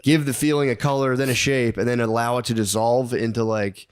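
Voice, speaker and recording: A man on a podcast, spinning a long anecdote in loose, profane casual chat. He rambles, restarts and breaks into laughter. His voice sits at an ordinary middle pitch. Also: fairly even intonation, brisk, clear, resonant tone. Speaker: podcast co-host.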